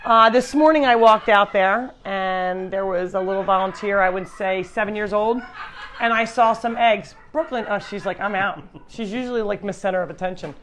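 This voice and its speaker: A woman's voice: mid-range voice, normal speed, a bit bright, slight background noise. A woman hosting an animal sanctuary's live stream, talking in a chatty, rambling way with frequent restarts. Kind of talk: casual live-stream chat.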